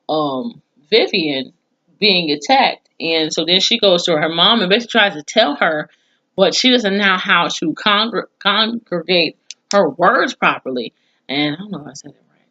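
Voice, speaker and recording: A woman's voice: fairly low pitch, dull audio. Blunt, profane woman recapping a show. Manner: blunt, profane, animated retelling with mock quotes. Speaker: TV show reviewer. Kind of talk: casual recap vlog.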